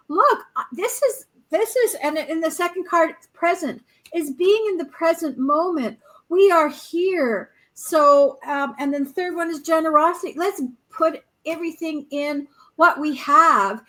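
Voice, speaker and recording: A woman co-hosting a casual spiritual podcast, reading oracle cards in an encouraging, animated way. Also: high-pitched, rough recording. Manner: encouraging, animated, acts out little quotes.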